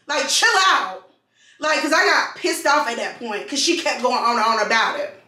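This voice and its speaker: A woman vlogger telling a storytime to her viewers in an animated way, repeating phrases for emphasis. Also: sits high, moderate pace, recorded from a distance. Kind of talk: storytime vlog. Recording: roomy sound, mic set back.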